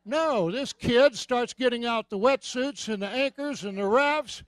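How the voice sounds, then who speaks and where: A man preaching a sermon as a comic, animated storyteller who sometimes bursts out loudly. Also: very high voice, unhurried, hardly any pauses, dry recording. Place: church sanctuary.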